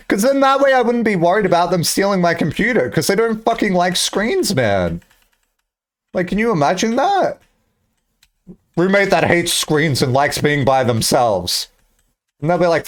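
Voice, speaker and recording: A man's voice: on the high side, very animated, normal speed. A young man streaming casually, rambling, swearing a lot and acting out imagined conversations.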